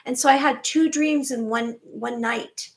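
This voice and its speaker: Speaking unhurriedly in a high voice, a woman who hosts a spiritual channel offers her viewers a sincere, gentle monologue. She has a grown daughter and poses many rhetorical questions.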